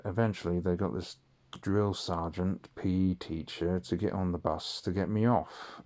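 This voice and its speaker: A man's voice: low voice, vocal fry, a little mellow. A man telling a story from his school days in a rambling, sweary, casual monologue with many ums. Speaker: audio diarist.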